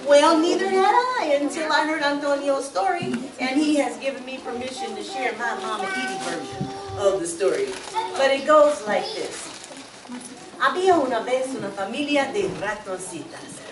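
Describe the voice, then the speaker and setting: A woman's voice: high voice, lively intonation, moderate pace, noisy background. A woman telling a children's story to a library audience, switching between two languages and getting listeners to call out answers. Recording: echoey room recorded from far off. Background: audience of children responding.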